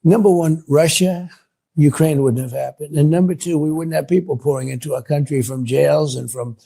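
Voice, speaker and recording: Older male politician, gravelly and mellow-dark, boastful repetitive rambler. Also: on the high side, normal speed. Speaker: politician answering reporters. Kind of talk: clip of a press Q&A.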